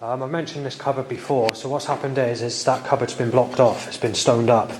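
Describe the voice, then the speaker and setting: A man rambles through an outdoor video diary, stumbling over his words and circling back to repeat himself. His pitch sits in an ordinary middle range. Faint traffic hum carries behind him. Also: steady tone, fairly quick. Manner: hesitant, restarts and repeats himself. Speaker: vlogger.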